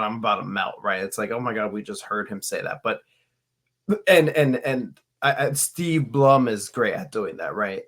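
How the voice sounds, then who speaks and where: A man co-hosting a fan podcast, telling stories in an animated way with restarts. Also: fairly low pitch. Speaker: podcast co-host. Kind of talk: casual podcast chat.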